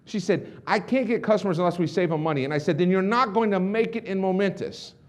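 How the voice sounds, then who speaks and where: A middle-aged man, working as a motivational speaker, tells a story intensely in a high-sitting voice at a fast pace. He swings between hushed confessions and loud outbursts.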